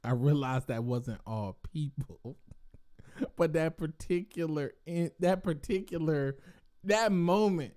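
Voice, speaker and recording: A young man telling a vacation story in a casual, animated rant, swearing and laughing. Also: a little high, slow.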